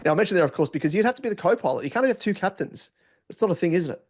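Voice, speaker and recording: Playful man with a higher voice. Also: animated, very fast, faint music behind. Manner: playful and jokey, spins running gags and mock voices. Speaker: podcast co-host. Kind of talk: fantasy football podcast chat.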